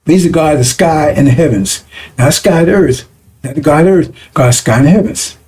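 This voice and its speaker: Man preaching, mellow tone, a bit high, conversational, keeps checking in with listeners. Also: fast. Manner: conversational, repeats 'right?' and 'see?' to check listeners. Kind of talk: broadcast sermon teaching.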